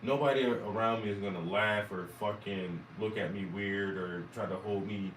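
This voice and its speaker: A man's voice: lowish voice, fairly even intonation, moderate pace, a bit bright, distant mic, slight background noise. Rambling South Carolina man, echoey room. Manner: rambling, profane, self-amused. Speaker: vlogger and musician. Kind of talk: casual talk to camera.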